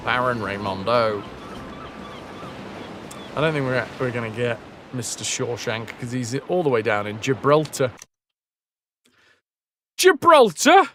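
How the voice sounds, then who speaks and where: A man's voice: mid-range voice, background noise. A man chatting and joking as he streams a game, talking to his chat and to the game. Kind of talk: live gameplay commentary.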